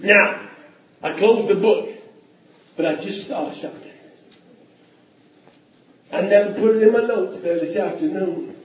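Preacher, fervent, shouting, very high voice, echoey church, distant mic. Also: male voice, unhurried, long pauses. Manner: shouting, fervent, stammering restarts. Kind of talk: sermon.

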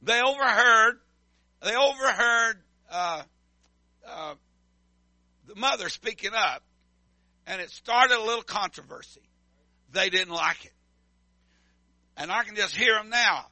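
A man's voice: high-pitched, lively intonation, measured pace, pauses often, sharp tone, no echo. A middle-aged man preaching a sermon as pastor, calling for responses from the congregation. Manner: emphatic call-and-response preaching.

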